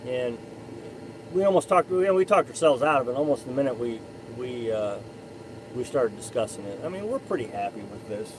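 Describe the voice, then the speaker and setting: A man's voice: mid-range voice, animated, moderate pace, background noise. A man hosting a casual live stream, chatting in a rambling way and often restarting his sentences. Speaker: live stream host reading chat.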